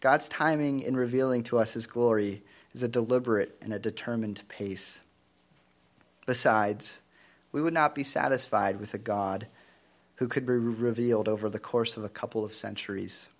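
Speaking at a medium pitch, this preacher keeps his sermon earnest and measured. He poses rhetorical questions to the congregation as he goes.

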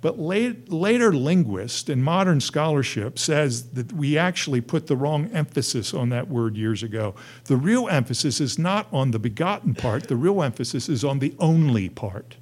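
A man's voice: on the high side, sing-song, normal speed, few pauses. Earnest male pastor preaching a sermon. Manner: earnest preaching with rising emphatic peaks and soft hushed drops.

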